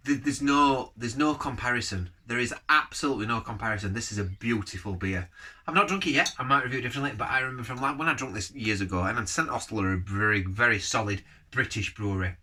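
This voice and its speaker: A man's voice: medium pitch, quick pace, sharp tone. Rambling chatty man reviewing beer. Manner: rambling, jumps between topics; blunt, chatty verdicts. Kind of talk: casual review vlog.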